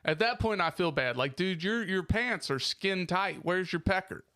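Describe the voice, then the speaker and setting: A man with a somewhat high voice co-hosts a casual podcast, blowing small annoyances out of proportion with heavy swearing. He is recorded up close on a podcast microphone. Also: expressive, normal speed, pushed and bright, no echo. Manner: ranting, exaggerated complaints, heavy swearing. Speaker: podcast co-host. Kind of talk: casual profane podcast banter.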